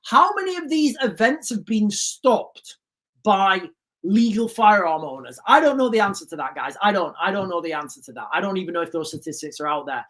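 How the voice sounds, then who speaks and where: A man's voice: high voice, expressive, fairly quick, fairly bright tone. A man hosting a livestream, ranting emphatically, repeating himself and putting questions to his viewers. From United Kingdom. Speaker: livestream host.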